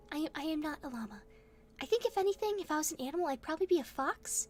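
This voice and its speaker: High-voiced young woman, soft ASMR reading. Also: animated, normal speed, long pauses, faint music behind. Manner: gentle, giggly, softly spoken. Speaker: ASMR streamer.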